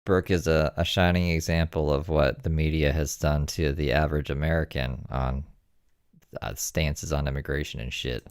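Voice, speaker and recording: A man's voice: a bass voice, steady tone, moderate pace, clean tone, no room sound. A man giving casual, sarcastic and profane reaction commentary.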